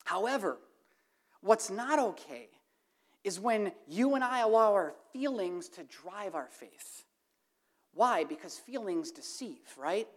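A woman delivers a sermon in a voice of ordinary, middle pitch. She speaks emphatically and addresses her congregation directly, building to impassioned repeated questions. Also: animated, takes it slowly, pauses often. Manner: emphatic, rising to impassioned repetition. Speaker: preacher.

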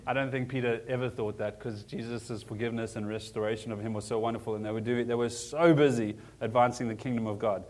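A man's voice: medium pitch, steady tone, fast, hardly any pauses, a little mellow, slight background noise. A man preaching a sermon in an earnest, conversational way, asking the congregation questions as he goes. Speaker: pastor.

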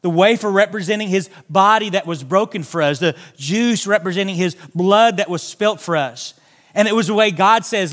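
A man's voice: sits high, normal speed, fairly bright tone. A pastor preaching a sermon in a church, making earnest, direct appeals to his congregation. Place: church sanctuary.

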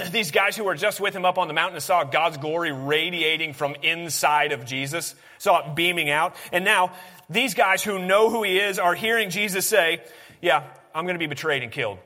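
A man's voice: high voice, fairly even intonation, moderate pace, sharp tone, long reverb tail. A man preaching a sermon in an earnest, conversational way, often restarting his sentences.

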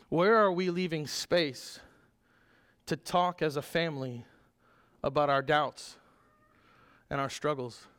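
A man's voice: a little high, a bit bright, clear, resonant tone. A man preaching a sermon as a pastor, earnest and emphatic, with small restarts as he talks.

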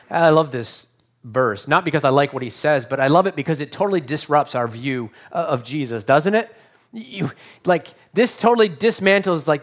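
A man preaching a sermon, swinging from loud emphasis to hushed lines and acting out the voices of the people in the story. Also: fairly high pitch. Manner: dynamic, swings from loud emphasis to near-whisper; acts out quoted voices. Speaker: pastor.

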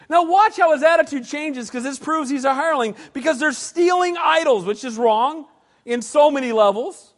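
Brief: animated man preaching, very high voice, reverberant hall. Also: moderate pace. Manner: animated, asks the crowd questions. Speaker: pastor. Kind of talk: sermon.

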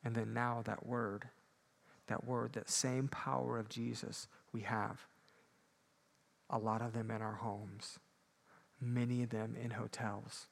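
A man preaching a sermon, moving between loud emphatic peaks and quiet low asides. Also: level tone, slow pace, vocal fry. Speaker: pastor.

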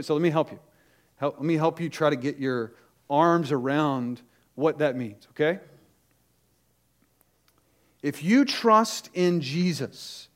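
Urgent, emphatic man preaching a sermon. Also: a little high. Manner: emphatic, urgent preaching with sudden loud stresses and quick asides. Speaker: pastor.

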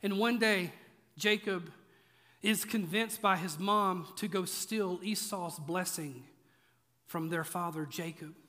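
A man preaching with a high, bright, sharp voice, shifting from playful asides to emphatic, repeated points. His voice rings out into a large church hall with long reverb. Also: slow. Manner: conversational, joking, emphatic repetition. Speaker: pastor. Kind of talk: sermon. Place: church auditorium.

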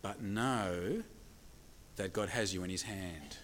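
A man preaching a sermon, emphatic, asking the congregation rhetorical questions and slowing down to stress key points. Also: low-pitched, a bit bright, a little hiss or hum. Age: adult with children.

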